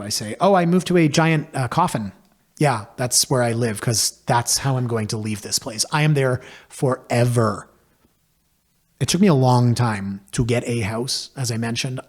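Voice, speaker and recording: A man tells his own story on a podcast. His delivery is casual, wry and self-deprecating, and he gets lively as the story goes. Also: mid-range voice, husky. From Canada. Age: 40s. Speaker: podcast host and realtor.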